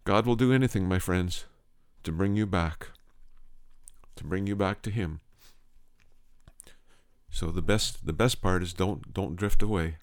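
Low smooth preacher guy, earnest, repeats himself, dry close sound. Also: unhurried, long pauses, no echo. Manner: earnest, restarts phrases, repeats for emphasis. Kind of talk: sermon storytelling.

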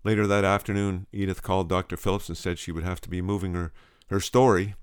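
Low voiced preacher man telling a story in a sermon, earnest, dry close sound. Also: flat delivery, fast, smooth, dry recording. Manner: earnest, quotes scripture.

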